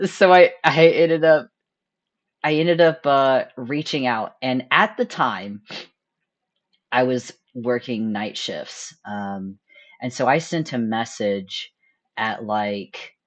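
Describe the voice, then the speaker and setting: A young woman hosting a charity stream, telling a story in casual chat, animated and laughing often as she acts out her own thoughts. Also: very deep voice, slow.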